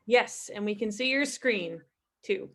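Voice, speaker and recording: A woman's voice: mid-range voice, animated, measured pace, fairly bright tone, slight background noise. A woman moderating an online event, reassuring the speaker about the connection in a friendly tone. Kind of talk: casual reassurance on a video call.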